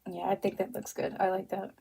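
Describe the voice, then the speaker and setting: A woman's voice: mid-range voice, level tone, brisk, creaky, dark tone, husky. A young woman hosting an art livestream, chatting casually while she draws, full of fillers and frequent laughter. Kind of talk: casual chat while drawing. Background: faint music.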